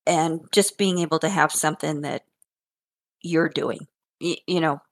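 An older woman with a low voice talks a little slowly in a casual chat, sharing funny stories about her grandchildren. She's animated, laughs often, and tends to repeat words.

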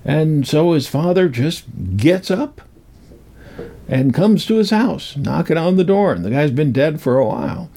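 A man's voice: on the high side, animated, a little slow, warm tone. A man in his sixties telling folklore in a rambling, chuckling way, acting out voices as he goes. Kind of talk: casual storytelling talk.

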